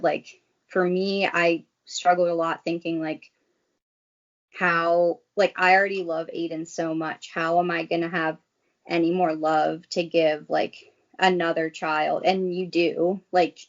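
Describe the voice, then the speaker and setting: Young woman, low-ish voice, chatty rambling, many fillers, dull lo-fi sound. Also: vocal fry. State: briefly tearful. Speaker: guest. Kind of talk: casual chat.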